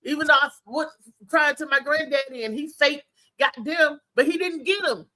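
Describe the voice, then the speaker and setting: A woman with a bright, forceful voice hosts a relaxed talk show. She tells family stories in an animated, storytelling way, often breaking into laughter. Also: sits high, moderate pace. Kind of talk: casual chat.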